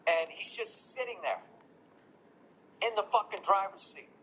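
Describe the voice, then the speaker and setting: A man with a high-pitched voice tells a story on a podcast, swearing freely and ranting with energy. The recording carries a clear layer of background noise. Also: measured pace, rough recording. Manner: profane, ranting, animated storyteller. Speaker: podcast host. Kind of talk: casual storytelling chat.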